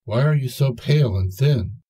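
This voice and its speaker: A man's voice: mid-range voice, animated, normal speed, dark tone, slightly rough, voice pushed up. A man voicing a bewildered young man just awake. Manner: wondering, questioning.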